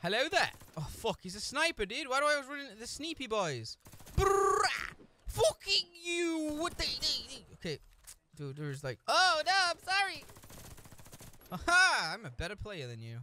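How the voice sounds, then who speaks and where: Swearing, animated male gamer with a bright voice. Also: very high voice, normal speed. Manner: swears constantly, trash-talks other players; frustrated outbursts and joking asides. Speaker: gameplay streamer. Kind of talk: live gameplay commentary. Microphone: desk mic with a camera, no headphones.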